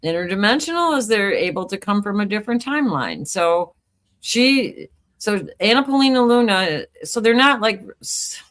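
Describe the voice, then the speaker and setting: Bright-voiced woman co-hosting a chat show. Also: medium pitch, moderate pace. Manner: animated, laughing, talks through ideas in restarts. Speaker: co-host. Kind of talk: casual talk show chat.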